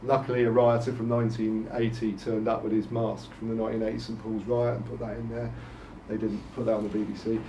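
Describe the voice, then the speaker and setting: A man answering a question at a history talk, telling an animated, chuckling anecdote. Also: lowish voice, quick pace. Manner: animated storyteller, chuckles often. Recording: echoey room, distant mic, faint noise.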